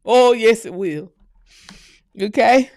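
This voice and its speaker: A woman with a Southern US accent hosting a casual livestream, ranting loudly, cursing and laughing as she talks. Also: on the high side, expressive, takes it slowly. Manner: loud, profane and laughing. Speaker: livestream host.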